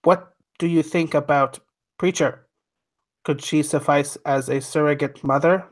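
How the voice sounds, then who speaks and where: A man's voice: fairly high pitch, fairly even intonation, a little slow, close to an everyday voice. Man doing a stiff, literal-minded droid. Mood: earnest. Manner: stiff, formal, robotic phrasing. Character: literal-minded male droid, earnest and studious.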